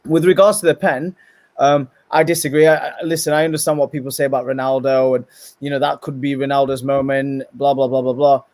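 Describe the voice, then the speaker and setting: A man giving animated, opinionated football talk as a podcast guest, often repeating words as he starts. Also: mid-range voice, brisk, no room sound. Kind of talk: casual chat, football debate.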